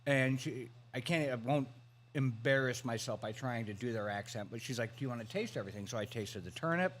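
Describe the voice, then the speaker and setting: A man's voice: medium pitch, normal speed, a bit bright, a little hiss or hum. A man co-hosting a casual food talk show, telling stories with enthusiasm. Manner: storytelling, enthusiastic. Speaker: co-host. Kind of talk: casual chat.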